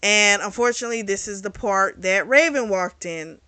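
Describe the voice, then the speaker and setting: Woman, book reviewer, chatty, crisp bright tone, no room echo. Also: medium pitch, normal speed. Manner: chatty retelling with quoted dialogue. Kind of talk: casual book recap.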